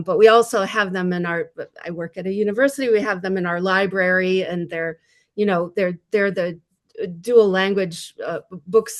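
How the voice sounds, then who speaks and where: Woman, novelist, panel discussion, reflective, self-deprecating, mid-pitched voice.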